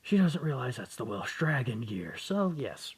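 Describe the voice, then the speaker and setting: A man's voice: mid-range voice, very animated, normal speed, breathy edge. A young man casually retelling a fan story, rambling, correcting himself and swearing as he goes. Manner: rambling, profane, self-correcting.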